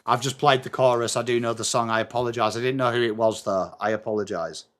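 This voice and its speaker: His mid-range voice is fast, steady in tone, and fairly bright. The speaker is a young Englishman hosting a live sports watchalong stream, reading trivia aloud and talking to viewers in a self-deprecating way.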